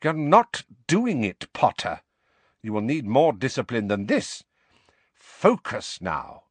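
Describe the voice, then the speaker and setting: A man voicing a cold, stern male wizard teacher who speaks in slow, cutting phrases. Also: mid-range voice, huge pitch swings, husky, no room sound, exaggerated voice.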